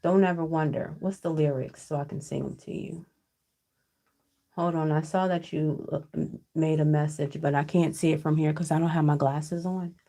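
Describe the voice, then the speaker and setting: Woman tarot reader on a home livestream: low, gravelly voice, loose and chatty, keeps asking "okay?". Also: fairly even intonation, moderate pace, warm tone. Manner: chatty, frequent "okay?" checks with viewers, casual cussing. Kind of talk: casual live tarot reading. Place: at home with her child nearby. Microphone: computer.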